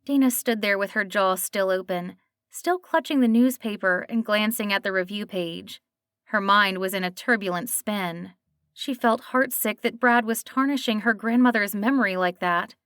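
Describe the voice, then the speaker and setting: A woman narrates a cozy mystery in an even, storytelling voice of middle pitch. The recording is dry and close with no room sound. Her reading is steady and clear. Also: moderate pace, dry recording. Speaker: audiobook narrator. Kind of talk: scripted narration.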